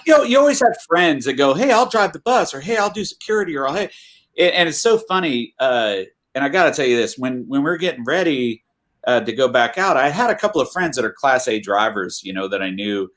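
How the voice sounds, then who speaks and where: A man, a musician guest, chatting casually on a video call and telling road stories with lively quoted voices. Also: medium pitch, fairly quick. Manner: animated storyteller, acts out quoted voices. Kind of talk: casual interview chat.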